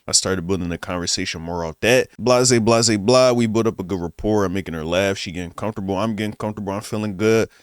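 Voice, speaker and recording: A man's voice: on the low side, fast, few pauses, smooth, dry recording, studio quality. A young man, a vlogger, telling a casual story in a laid-back, slangy way and acting out both sides of a conversation.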